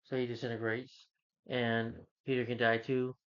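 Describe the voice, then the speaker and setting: This man, a movie reviewer, talks at normal speed in a level, medium-pitched voice, caught on a dull lo-fi recording. His plot recap is casual and meandering, padded out with "like" and "you know."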